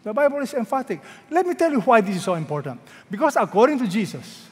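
A middle-aged man with a Filipino accent, preaching a sermon as senior pastor, calling out questions for the congregation to answer and slowing down to quote scripture. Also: high-pitched, very animated. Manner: slows right down when quoting scripture. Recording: hall with long reverb.

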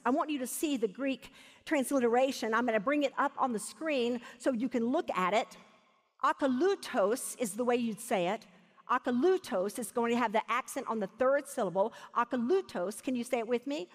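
A high-pitched woman preaches with emphasis and leans hard on key phrases. Her voice rings out with a long reverb from a large hall. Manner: emphatic, slows down to stress key words. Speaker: Bible teacher. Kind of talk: sermon.

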